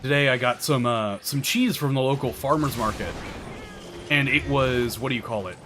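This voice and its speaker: A man's voice: medium pitch, normal speed, a bit bright, a little hiss or hum. A man streaming a game, chatting casually with viewers and explaining tactics, swearing now and then. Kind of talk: casual gameplay commentary. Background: game music.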